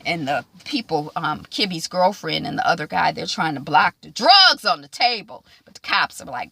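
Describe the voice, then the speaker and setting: A woman casually recapping a TV episode, acting out the characters' lines in quick asides. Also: fairly low pitch, slightly rough, no echo. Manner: animated, acts out quoted lines in quick asides. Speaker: TV show reviewer.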